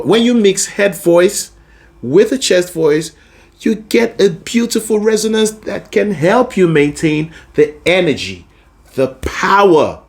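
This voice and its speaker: A man teaching a singing lesson, explaining vocal registers patiently and often checking that the listener is following. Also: sits high. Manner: explains patiently, often checking in with "you see what I'm saying?". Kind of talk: vocal lesson with sung demonstrations.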